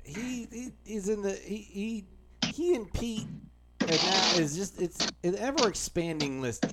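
A man's voice: high voice, a little slow, heavy background noise. A man co-hosting a comedy podcast, reading news stories aloud in casual chat and laughing between lines. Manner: laughs while reading, deadpan asides. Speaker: podcast co-host.

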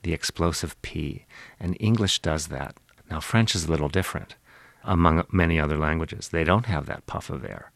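A man with a Western Pennsylvania accent, a linguistics professor answering interview questions in a measured, lecturing way and demonstrating speech sounds. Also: rumbling low, vocal fry, no echo. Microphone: studio microphone, close.

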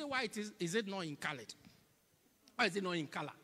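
A male preacher delivering a sermon in a church, swinging between loud emphatic cries and hushed whispers and repeating phrases in a call-and-response rhythm. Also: high voice, expressive, quick pace, long pauses, big-room sound. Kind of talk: sermon with congregational prayer.

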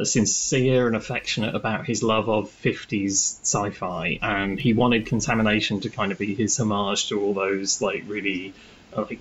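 A man's voice: on the low side, fairly bright tone, a little hiss or hum. A man co-hosting a podcast, chatting enthusiastically about films in a rambling way. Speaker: podcast co-host. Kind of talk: casual film chat. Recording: muffled lo-fi recording.

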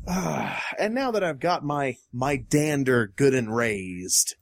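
Animated, sarcastic man ranting. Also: mid-range voice, takes it slowly, gravelly, dry recording, clean studio sound. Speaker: podcast co-host. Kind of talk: casual ranting commentary.

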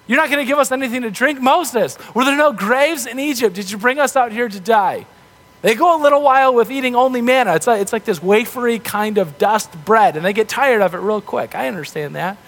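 High-voiced man preaching casually. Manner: conversational, animated, acts out grumbling voices. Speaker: pastor. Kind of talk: casual sermon.

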